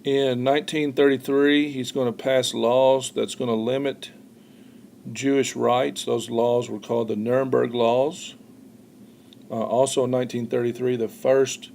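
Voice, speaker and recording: Gravelly-voiced man giving a history lecture. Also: mid-range voice, warm tone, a little hiss or hum. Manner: explanatory, frequent "uh" fillers, repeats words. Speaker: history teacher. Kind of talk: recorded classroom lecture.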